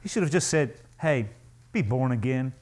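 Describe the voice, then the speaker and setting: A male pastor preaching a sermon to a congregation, emphatic and animated, acting out the voices he quotes. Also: medium pitch, normal speed.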